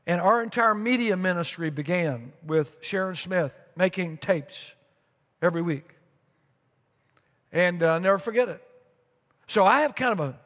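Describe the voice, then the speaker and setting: A middle-aged man preaching a sermon as pastor, telling a long story with repeated phrases and lively asides. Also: high-pitched. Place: church sanctuary. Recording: long reverb of a large sanctuary.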